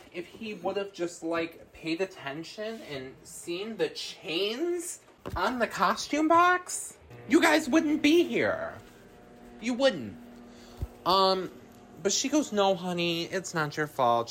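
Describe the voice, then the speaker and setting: Podcast host, casual film recap, unhurried, rambling with fillers, cusses, mid-range voice. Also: mid-range voice, sing-song, a bit bright, slight background noise. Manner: rambling, filler-heavy, swears freely.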